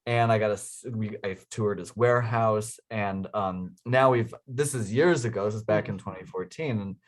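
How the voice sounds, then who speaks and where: A man's voice: on the low side, moderate pace. A man being interviewed about his inventions, telling stories enthusiastically, laughing often, with many ums and uhs. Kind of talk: casual storytelling.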